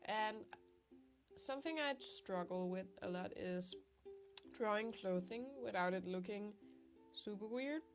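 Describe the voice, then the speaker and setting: A young woman talks through her drawing in a sick, stuffy voice, chatty and quick to laugh at her own struggles. Her pitch sits in an ordinary middle range. Soft guitar plays faintly behind her. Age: young adult. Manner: chatty, self-deprecating, laughs often. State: sick, congested voice. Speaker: art vlogger. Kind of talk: casual voice-over while drawing. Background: soft guitar music.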